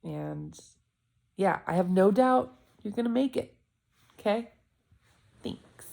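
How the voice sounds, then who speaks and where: Slow, gravelly-voiced young woman vlogger. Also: mid-range voice, lively intonation, darkish tone. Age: 20s. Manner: blunt, self-critical, rambling with "like". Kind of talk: candid casual vlog talk.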